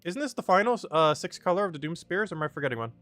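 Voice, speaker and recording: A man's voice: a little high, very animated, rapid-fire, fairly bright tone, faint music behind. A man streaming a game, rambling casually with many fillers and frequent laughter. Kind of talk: casual game livestream commentary.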